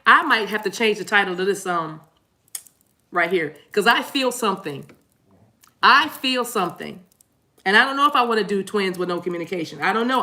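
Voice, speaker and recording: A woman giving a spiritual tarot talk to her viewers in a preacher-like way, playful and repeating phrases for emphasis. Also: medium pitch. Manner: animated, preacher-like delivery.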